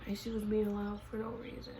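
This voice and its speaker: A woman vlogger telling a casual storytime in a slangy, animated way. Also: mid-range voice, a little fast, slight background noise, low-quality recording.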